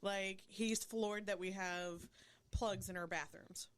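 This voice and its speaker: A woman on a podcast, chatting casually and retelling funny clips with a giggly, animated manner. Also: mid-range voice, slow, smooth. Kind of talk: casual chat.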